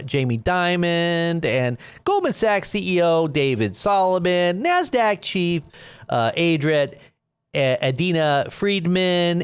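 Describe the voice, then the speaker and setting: A middle-aged man hosts a live news commentary stream, rambling and sarcastic. His fairly high voice swings widely in pitch as he mocks the quotes he reads out. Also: clear, resonant tone. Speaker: host of an online news commentary show.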